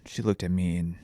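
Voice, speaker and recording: A father telling a painful personal story while tearful, halting often and restarting his sentences. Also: deep voice, vocal fry, dark tone, slightly rough, dry recording, clean studio sound. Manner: halting, with many restarts and pauses. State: tearful, voice breaking. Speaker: vlogger sharing a personal story.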